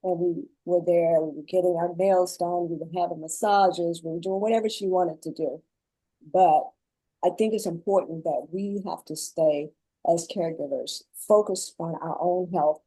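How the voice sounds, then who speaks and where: A woman guest on a panel, explaining her caregiving experience in earnest, measured phrases. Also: fairly low pitch, steady tone, mellow, no echo, poor audio. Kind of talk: panel discussion.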